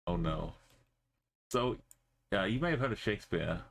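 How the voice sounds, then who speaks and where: A man's voice: lowish voice, sing-song, brisk, vocal fry, a bit bright. A man streaming a map game, talking in a rambling, jokey way. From Britain. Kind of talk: casual gaming commentary.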